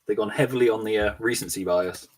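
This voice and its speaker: A man's voice: fairly low pitch, quick pace, a little mellow. A man co-hosting a podcast, chatting casually with wry, dry humor. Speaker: podcast co-host. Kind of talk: casual chat.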